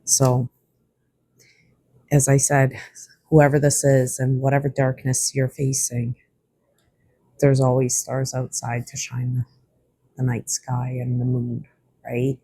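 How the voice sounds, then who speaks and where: Oracle reader, reassuring and unhurried, dark husky voice, close dry sound. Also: medium pitch, monotone, no room sound. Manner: gentle, reassuring, slightly rambling. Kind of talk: spiritual oracle card reading.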